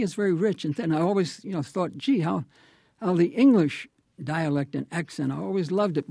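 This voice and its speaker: A man's voice: on the high side, vocal fry, mellow, slightly rough, no room sound. A man being interviewed as an author on a radio program, reflective and anecdotal, often restarting his phrases. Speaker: author and guest.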